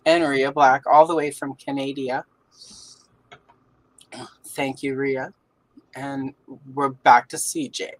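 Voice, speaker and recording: This livestream host from the American South has a bass voice and a flat, slow delivery with frequent pauses. She colors on stream, chatting casually and saying hello to viewers by name, all through a streaming setup with rough sound.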